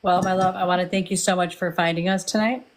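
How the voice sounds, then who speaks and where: A woman's voice: fairly low pitch, fairly even intonation, quick pace, noisy background. A woman hosting a live stream as a psychic medium, chatty and playful, teasing her guests in casual chat.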